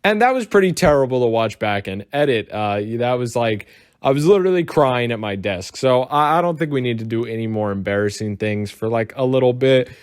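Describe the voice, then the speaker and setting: American dude rambling thru a reaction video, cusses a lot, pretty dry recording. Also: male voice, medium pitch, lively intonation, brisk, clean tone, no echo. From United States. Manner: rambling, chatty, swears casually. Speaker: commentary YouTuber. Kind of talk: casual reaction commentary.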